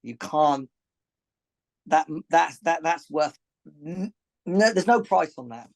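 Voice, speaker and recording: Man, boxing coach, slightly high voice, earnest, rambling, repeats himself, emotional. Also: expressive, slow, creaky, poor audio. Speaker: boxing coach and gym owner. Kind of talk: emotional podcast interview.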